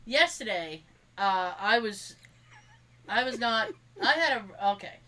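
A woman's voice: a little high, expressive, a little slow, pushed and bright, far from the mic, rough recording. A woman co-hosting a podcast, telling rambling stories in casual chat and acting out the quotes. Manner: rambling storyteller, acts out quotes, laughs often. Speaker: podcast co-host.

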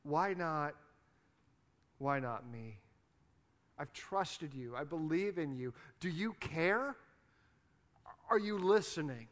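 A man's voice: a little high, animated, slow pace, pauses often, fairly bright tone. A man voicing a grieving childless woman who pleads earnestly with God. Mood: pleading.

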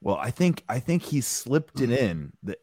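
A man's voice: medium pitch, very animated, unhurried, dark tone, no echo, studio quality. A man hosting a podcast and chatting casually about a clip, swearing freely and theorizing animatedly. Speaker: podcast host. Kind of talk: casual chat reacting to a clip.

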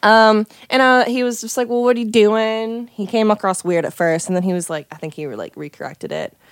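A woman's voice: medium pitch, fairly quick, no echo, studio quality. A young woman telling a story in casual chat, chatty and profane, with many "like" fillers.

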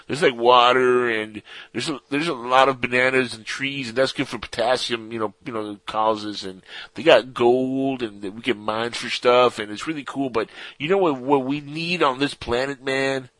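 A man's voice: medium pitch, steady tone, normal speed, a bit bright, no echo, voice pushed up, lightly acted, rough recording. A man voicing a laid-back stoner alien who talks like a surfer dude, drawling and slangy. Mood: mellow.

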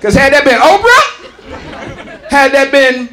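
A man doing a stand-up comedy set, brash and profane, shouting and mimicking singers. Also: very high-pitched, sing-song, measured pace, heavy background noise. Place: comedy club stage. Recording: live club recording with crowd. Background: audience laughing and clapping.

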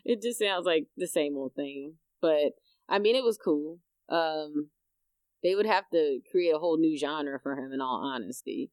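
A woman's voice: low voice, moderate pace, a little mellow, dry recording. A woman co-hosting a podcast, talking bluntly and casually and swearing freely. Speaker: podcast co-host. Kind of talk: casual chat.

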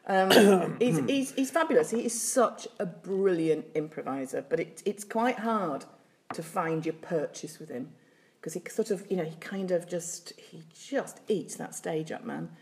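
A woman with a Leeds accent talks on a comedy podcast in a fairly low voice. She rambles, restarts and fills gaps with ums. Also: lively intonation, a little slow, a little mellow. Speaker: comedian guest. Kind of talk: casual comedy podcast chat.

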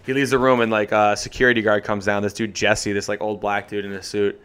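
A man's voice: fairly low pitch, little pitch movement, brisk, a bit bright, clean tone. A man co-hosting a podcast, telling a story in a profane, ranting way that keeps repeating phrases. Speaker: podcast co-host.

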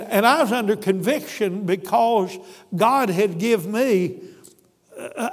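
An older man preaching a storytelling sermon, folksy, moving between loud shouting and hushed pleading. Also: high voice, in a large hall.

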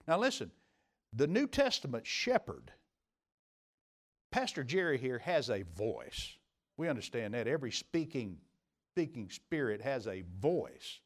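Preaching pastor swinging loud to hushed. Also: male voice, medium pitch, sing-song, a little slow, pauses often. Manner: dynamic preaching, rising emphatic peaks and dropping to quiet asides. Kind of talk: sermon. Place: church sanctuary.

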